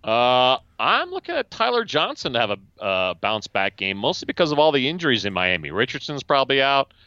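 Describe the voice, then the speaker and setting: A man co-hosting a casual sports podcast, joking and bantering quickly. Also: medium pitch, wildly swooping pitch, pushed and bright, clean tone, dry recording, muffled recording. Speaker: podcast co-host.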